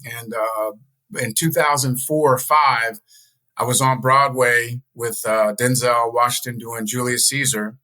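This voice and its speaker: A man guesting on an interview show as a speaker and coach, telling personal stories in a casual, animated way. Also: a little slow, poor audio. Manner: animated storyteller, jumps higher when quoting others.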